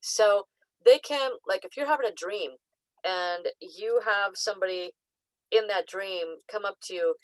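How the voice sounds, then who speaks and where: Woman, psychic coach, casual talk to camera; mid pitch, chatty with fillers, dry close recording. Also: a little slow, no echo, rough recording. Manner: chatty, fillers like "like" and "um", lively acted-out asides. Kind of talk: casual spoken teaching to camera.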